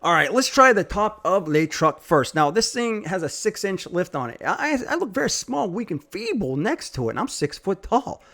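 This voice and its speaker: A chatty man with a fairly high voice walks through a cleaning tool outdoors, cracking jokes at his own expense. He sounds a little out of breath as he works. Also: big pitch swings, normal speed, creaky, hardly any pauses, fairly bright tone. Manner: joking, chatty, self-deprecating. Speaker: tool reviewer. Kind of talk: casual product demo. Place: outdoors by a truck.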